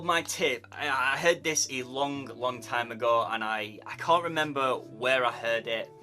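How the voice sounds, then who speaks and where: In a bright, forceful mid-range voice, a tired tattoo artist yawns his way through casual tips to camera. It's laid-back YouTube advice talk, and he repeats words in a chatty way as he thinks aloud.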